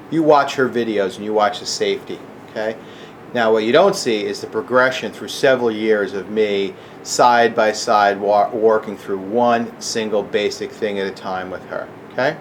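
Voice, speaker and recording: A man's voice: fairly low pitch, slight background noise. A middle-aged man ranting angrily to camera, agitated and profane, keeps asking "okay?". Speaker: gun channel vlogger. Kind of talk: angry rant to camera.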